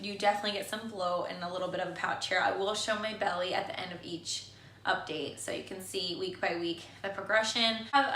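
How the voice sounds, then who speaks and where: Casting: American woman, 30s, chatty home vlogger, bright voice, roomy echo. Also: medium pitch. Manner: chatty, lots of "like" and restarts. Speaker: vlogger, stay-at-home mom. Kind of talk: casual chat to camera. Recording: echoey room.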